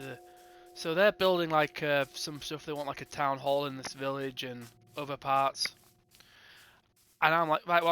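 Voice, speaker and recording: A young man with a bright, somewhat high voice tells a rambling storytime about a gaming server. He slips in and out of quoted dialogue, playing himself and the other players as he goes. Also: vocal fry, slight background noise. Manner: rambling, acts out both sides of conversations in quotes. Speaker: gaming channel host. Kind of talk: casual storytime narration.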